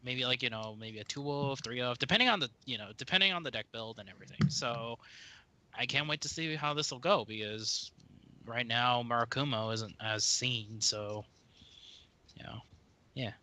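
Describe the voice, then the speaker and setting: A man on a podcast panel with a very bright, sharp-edged voice. He rambles through his thoughts, stringing them together with "uh" and "you know". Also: mid-range voice, normal speed, slight background noise. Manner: rambling, filler-heavy. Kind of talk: casual chat.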